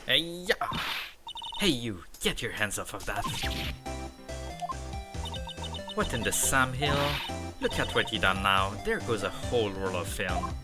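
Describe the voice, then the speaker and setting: A man voicing a feisty, loud country woman photographer, reading game dialogue aloud with folksy slang. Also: lowish voice, lively intonation, normal speed, natural voice. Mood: scolding. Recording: loud game music behind.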